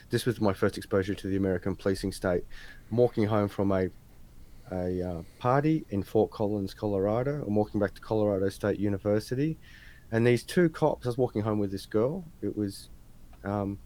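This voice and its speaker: A man's voice: lowish voice, mellow. An Australian man interviewing a guest, telling anecdotes in a chatty, slangy way. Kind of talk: casual chat.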